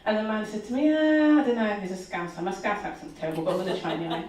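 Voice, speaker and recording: A woman's voice: mid-range voice, sing-song, very fast, few pauses, a little mellow. A woman telling a personal story at a live event, chatty and confiding, speaking straight to the audience. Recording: echoey hall from far off.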